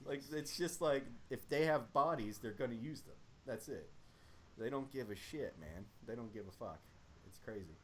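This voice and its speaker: A young veteran talks in a bright, forceful voice, swearing freely as he rambles through army stories. His delivery stays loose and conversational, with a faint hiss underneath. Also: medium pitch, expressive, moderate pace. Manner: profane, rambling war storytelling. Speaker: army veteran podcast guest. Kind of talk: casual chat.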